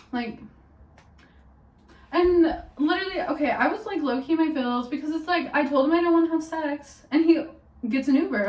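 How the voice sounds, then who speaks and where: A young woman chats through a gossipy storytime vlog, her high voice leaning on "like" at every turn. She sits some distance from the mic, so the room rings around her words. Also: a little mellow. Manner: gossipy, peppered with "like", laughing often. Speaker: vlogger. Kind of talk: casual storytime chat. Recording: roomy sound from a distance off the mic.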